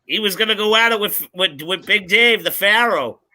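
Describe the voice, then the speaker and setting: A man's voice: sits high, moderate pace, bright, forceful tone, slight background noise. A man hosting a casual interview show, easygoing and laughing often. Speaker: host. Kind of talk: casual chat.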